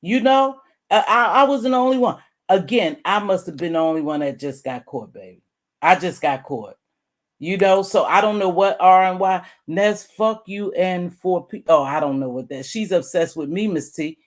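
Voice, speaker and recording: Blunt, animated middle-aged woman commentator. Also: normal speed. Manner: blunt and animated, swings high and loud when making a point; calls the listener "baby", curses freely. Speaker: YouTube commentator. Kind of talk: direct-address commentary vlog.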